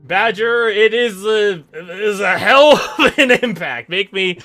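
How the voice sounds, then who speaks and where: A man running a tabletop game as game master, narrating in a lively, jokey way. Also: high-pitched, unhurried, soft background music.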